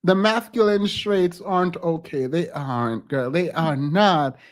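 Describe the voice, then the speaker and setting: A hoarse podcast host giving sassy, laughing commentary on a clip. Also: medium pitch, measured pace. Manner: sassy, exclamatory, laughs often. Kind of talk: casual reaction commentary.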